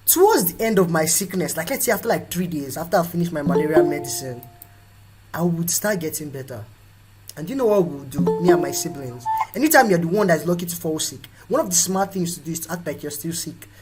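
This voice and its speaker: A young Nigerian man hosting a motivational live talk, animated and quick to act out the voices of people in his stories. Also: fairly high pitch, over music, low-quality recording. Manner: animated, acts out quoted voices. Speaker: host.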